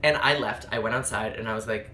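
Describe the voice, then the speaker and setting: A young man telling a comedic dating story to camera, sassy, animated and profane. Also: fairly low pitch, fast talker, a little hiss or hum. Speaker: travel vlogger.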